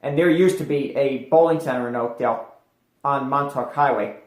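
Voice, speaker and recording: A man's voice: mid-range voice, moderate pace, echoey room. A man telling a personal story as an interview guest, rambling with many fillers and restarts.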